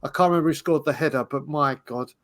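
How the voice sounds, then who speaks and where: Chatty man, animated storyteller. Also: on the high side, quick pace. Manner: animated, storytelling, restarts often. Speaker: podcast panelist. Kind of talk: casual chat.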